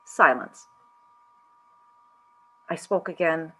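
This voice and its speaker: A woman reading a first-person holiday story aloud, with expressive, animated storytelling. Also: fairly low pitch, measured pace. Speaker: story reader.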